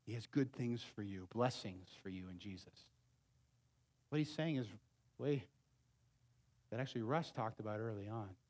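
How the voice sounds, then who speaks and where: A man preaching a sermon as pastor, moving between loud emphatic peaks and hushed, low asides. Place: church sanctuary. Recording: long church hall reverb.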